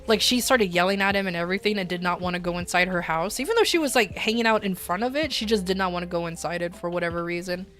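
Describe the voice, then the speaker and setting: A woman streamer chatting casually and telling a story, blunt and profane, laughing often and acting out shouted lines. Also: lowish voice, fast talker, few pauses, soft background music. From desert region. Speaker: VTuber streamer.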